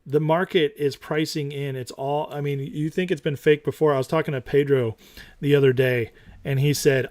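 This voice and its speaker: A man hosting a casual stock market talk show, animated and opinionated, who repeats his points for emphasis. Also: moderate pace. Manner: mocks others in high put-on voices.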